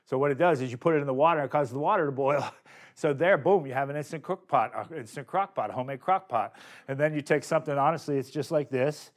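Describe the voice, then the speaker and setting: A middle-aged man telling a personal story in a lively, animated way, laughing often and acting out his own shouts. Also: medium pitch, quick pace. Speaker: storyteller recounting prison life.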